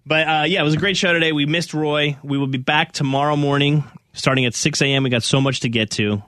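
Chatty male radio host, bright voice. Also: fairly high pitch, fairly even intonation, fast, no echo, studio quality. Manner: laughing, chatty, reads listener texts aloud. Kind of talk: casual radio podcast banter.

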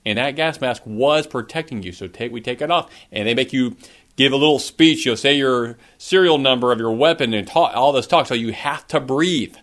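A man's voice: medium pitch, normal speed, fairly bright tone. A middle-aged man preaching a sermon, earnest, asking his listeners questions, with a cough now and then. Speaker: pastor.

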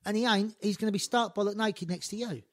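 A man telling lively stories in casual chat, acting out quotes, swearing and laughing. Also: high-pitched, quick pace. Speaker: podcast guest storyteller.

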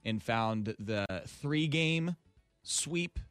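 A man's voice: on the high side, extremely slow, clear, resonant tone, no echo, soft background music. A man co-hosting a sports talk radio show, chatting casually about football and reading out stats. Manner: relaxed, conversational, reads out stats.

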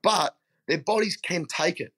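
A man's voice: high-pitched, measured pace, fairly bright tone. Upbeat Australian man telling stories. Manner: blokey storytelling, calls people mate. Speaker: guest. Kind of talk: casual chat.

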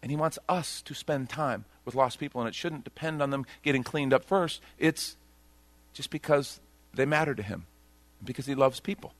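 This male pastor delivers his sermon like a conversation, poking fun at himself. His mid-range voice shifts between quiet, slow passages and loud, excited bursts, and the recording has no echo.

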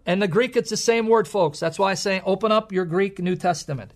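Man teaching on radio, high voice, emphatic, lecturing, quoting verses. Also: moderate pace, few pauses. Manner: emphatic, lecturing, quotes scripture. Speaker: co-host, Bible teacher.

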